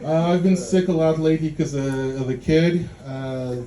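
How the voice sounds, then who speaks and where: A man from Poland doing dry, dark stand-up and teasing the crowd, on a handheld mic in a club. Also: fairly high pitch, normal speed. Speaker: stand-up comedian. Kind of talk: stand-up comedy. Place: dark club room in a city. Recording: echoey club with loud audience noise.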